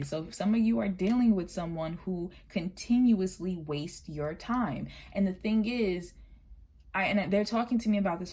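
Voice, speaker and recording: Low-voiced woman giving a tarot reading. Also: a little mellow. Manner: chatty and earnest, sometimes rushes her words. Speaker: tarot reader. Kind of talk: casual spoken tarot reading.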